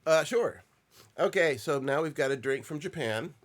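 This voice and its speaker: A man's voice: a little high, moderate pace. Easygoing man tasting snacks. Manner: relaxed, thinking aloud while eating. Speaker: co-host. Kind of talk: casual snack-tasting chat.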